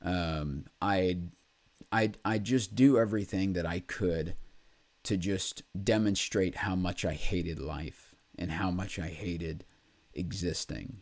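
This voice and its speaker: Male vlogger, very deep voice, confessional monologue, halting delivery full of pauses and fillers, blunt and profane. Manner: candid and blunt, with swearing. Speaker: vlog host.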